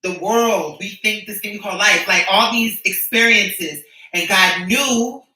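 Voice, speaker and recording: Bright-voiced man in an echoey room. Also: high-pitched. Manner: earnest, repetitive, spiritual, halting restarts. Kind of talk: emotional personal testimony. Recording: echoey room, distant mic.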